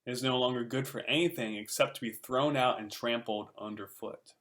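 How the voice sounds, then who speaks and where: A man's voice: mid-range voice, fairly even intonation, brisk, fairly bright tone. A male pastor giving a conversational sermon, explaining a Bible passage with casual asides.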